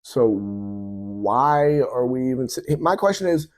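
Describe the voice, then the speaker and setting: A man's voice: medium pitch, animated, slow, soft background music. Young guy ranting mad, cussing a lot, mid voice. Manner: angry, profane, mocking opponents. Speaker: vlogger. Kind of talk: ranting commentary.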